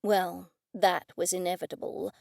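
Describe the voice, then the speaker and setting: A woman narrating a first-person mystery audiobook in a clear, even storytelling delivery. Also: lowish voice, unhurried, dry recording, studio quality.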